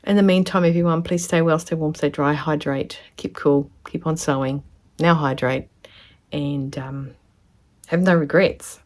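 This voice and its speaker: Gushing woman vlogger with a low voice. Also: fairly even intonation, a little slow. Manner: gushing, chatty, drops into soft whispers. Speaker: sewing vlogger. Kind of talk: casual unboxing chat to camera.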